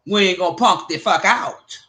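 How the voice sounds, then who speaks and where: A woman hosting a livestream, chatting casually with viewers and telling animated, profane stories. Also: on the low side, normal speed. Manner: addresses viewers by name. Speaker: livestream host.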